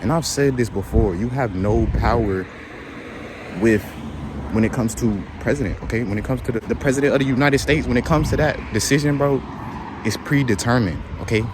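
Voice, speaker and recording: A man's voice: mid-range voice, fairly quick, noisy background. A man vlogging casual commentary, slangy and rambling, repeating his fillers.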